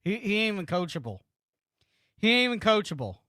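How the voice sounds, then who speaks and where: A man's voice: high-pitched, big pitch swings, fairly quick, pushed and bright, no echo, clean studio sound. A man in his thirties hosting a live football watch-party stream, ranting about a player in a repetitive, profane way. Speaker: sports streamer host.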